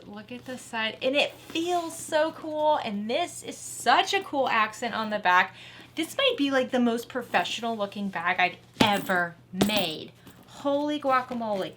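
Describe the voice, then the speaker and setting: Bubbly bright-voiced woman sewing vlogger. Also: a little high, a little hiss or hum. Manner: gushing, chatty, talks lovingly to her machine. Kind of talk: casual sewing vlog.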